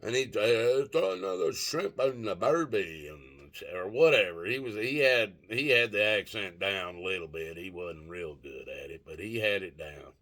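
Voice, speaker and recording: An older man with a deep voice tells a rambling, profane story in a casual vlog. He speaks at a normal speed with few pauses and a sharp tone, often groping for words and leaning on plenty of fillers.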